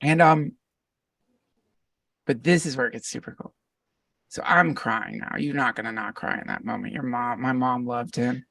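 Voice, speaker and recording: A man who is a podcast guest, telling a long story in a rambling, animated way with lots of fillers. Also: mid-range voice, moderate pace, gravelly, pauses often, no echo, distant mic. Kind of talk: casual storytelling conversation.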